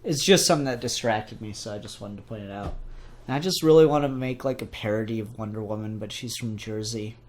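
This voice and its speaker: A man's voice: fairly low pitch, a little fast, darkish tone. Chatty young man reviewing comics. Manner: rambling, chatty and upbeat. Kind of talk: casual spoken review.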